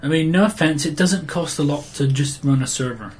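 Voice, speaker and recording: An English man with a somewhat high voice co-hosts a casual gaming podcast. He talks bluntly and sarcastically, ranting opinions with dry jabs. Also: brisk, a little hiss or hum. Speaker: podcast co-host.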